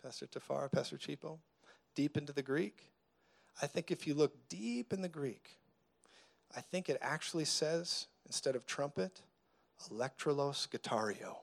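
A man preaching a sermon, moving between quiet, intense stretches and loud, joking outbursts where he laughs and acts out voices. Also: on the high side, moderate pace, gravelly. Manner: preaching with humor, acting out voices. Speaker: pastor.

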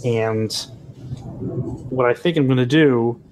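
A man's voice: mid-range voice, takes it slowly, noisy background. A man playing a tabletop role-playing game, thinking aloud hesitantly about his moves. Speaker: player.

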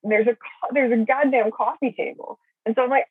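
A woman's voice: a little high, normal speed, slightly rough, dry recording. A middle-aged woman chatting casually as a caller, swearing and rambling with lots of fillers. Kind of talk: casual chat. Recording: phone line.

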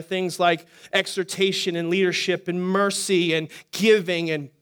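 A man preaching as a pastor, teaching quickly and energetically and throwing questions to the congregation. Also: sits high. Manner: energetic, talks fast, asks the congregation questions. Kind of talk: sermon teaching.

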